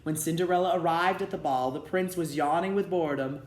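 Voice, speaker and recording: A man reading a children's storybook aloud in a steady, expressive way. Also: a little high, fairly quick, a little hiss or hum. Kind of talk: read-aloud storybook narration. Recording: roomy echo.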